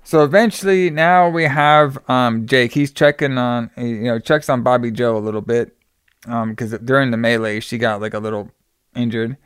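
A man chats through a film plot in a loose, rambling way, full of fillers and casual swearing. His voice is smooth and clear, recorded close and dry with no room sound. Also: mid-range voice, normal speed, dry recording. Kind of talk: casual movie recap chat.

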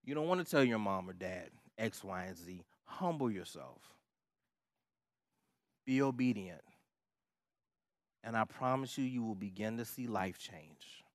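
A man's voice: fairly low pitch, expressive, unhurried, long pauses, no echo, clean studio sound. A male pastor preaching a sermon, emphatic and repetitive, with casual asides to the congregation.

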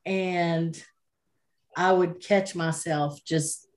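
A woman's voice: fairly low pitch, fairly even intonation, extremely slow, darkish tone. A woman, co-hosting a casual chat in a chatty, self-deprecating way. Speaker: co-host.

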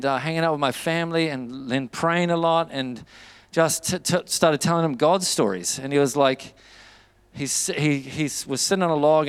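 A man delivers a sermon, his voice sitting a little high. He tells a story through quoted back-and-forth dialogue, then builds to fervent, urgent appeals. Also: smooth. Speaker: preacher.

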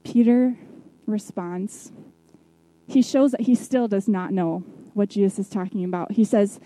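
A woman preacher retelling a Bible story in a sermon, reflective, with soft hushed drops at key moments. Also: mid-range voice, fairly even intonation, unhurried, poor audio.

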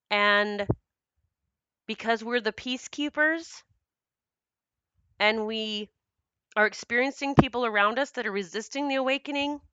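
Bright, clear-voiced woman on spiritual talk. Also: on the high side, unhurried, pauses often, dry recording, dull audio. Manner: earnest, rambling, laughs often, swears casually. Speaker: spiritual podcast host. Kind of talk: casual spiritual monologue.

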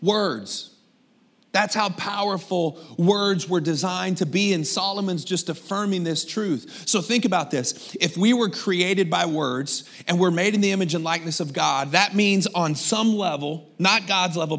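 High-voiced man preaching a sermon. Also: unhurried. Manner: energetic, conversational preaching with rhetorical questions. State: losing his voice. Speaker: pastor.

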